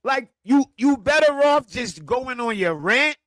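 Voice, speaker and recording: A man ranting profanely on a livestream, swinging between quiet muttering and loud outbursts. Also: extremely high pitch, expressive, measured pace, no room sound. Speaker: streamer and football content creator. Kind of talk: casual livestream rant.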